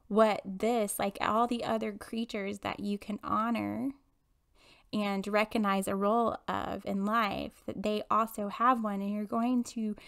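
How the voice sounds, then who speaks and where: Chatty woman with a gravelly edge. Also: mid-range voice, a bit bright. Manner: chatty and candid, with frequent laughs and fillers. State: emotional. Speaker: podcast host and intuitive medium. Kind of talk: casual storytelling monologue.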